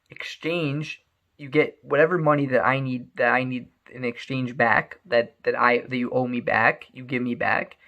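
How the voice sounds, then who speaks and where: A man voicing a large, blunt stranger who speaks in halting bursts in a told story. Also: medium pitch, gravelly, muffled recording, lightly acted.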